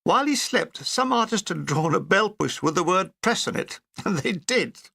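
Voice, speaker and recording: A man's voice: high-pitched, lively intonation, normal speed, gravelly, pushed and bright, husky, no echo. Man reading a memoir with wry humour. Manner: dry, wry comic delivery. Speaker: narrator. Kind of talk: reading a wartime memoir aloud.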